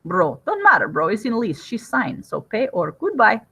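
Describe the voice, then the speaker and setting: A woman voicing a gruff male landlord thug who talks in clipped broken English with a tough-guy accent. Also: a little high, huge pitch swings, moderate pace, fairly bright tone, voice pushed up, heavily acted. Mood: menacing.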